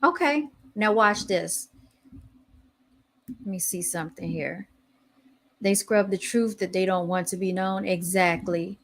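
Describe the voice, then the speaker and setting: Woman podcast host, mid-pitched, animated and chatty, casual talk. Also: measured pace, pauses often. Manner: chatty, animated, reads posts aloud while searching online. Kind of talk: casual chat.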